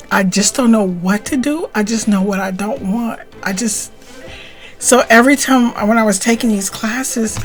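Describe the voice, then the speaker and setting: A middle-aged woman telling a personal story on her video blog, swinging between plain recollection and tearful, animated outbursts. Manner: emotional, animated retelling with rising pitch and tearful outbursts. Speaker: spiritual vlogger.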